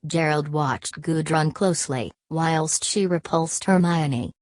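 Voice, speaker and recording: Low-voiced woman reading a novel. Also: takes it slowly, few pauses, a little mellow, no room sound. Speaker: audiobook narrator. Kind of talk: scripted narration.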